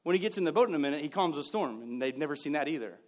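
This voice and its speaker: Guy preaching, high lively voice, jokes around, acts stuff out, loud then hushed. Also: rapid-fire. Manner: animated and joking, acts out scenes. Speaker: pastor. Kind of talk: sermon.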